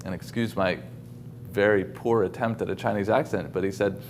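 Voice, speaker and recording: A man's voice: on the low side, steady tone, moderate pace, a little hiss or hum. A man giving a casual talk over a video call, with many ums and restarts. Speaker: guest speaker. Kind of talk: informal lecture.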